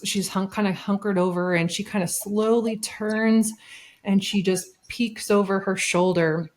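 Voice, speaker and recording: A woman guest on a podcast, telling a story in a casual, lively way and often acting out what people said. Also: medium pitch, measured pace.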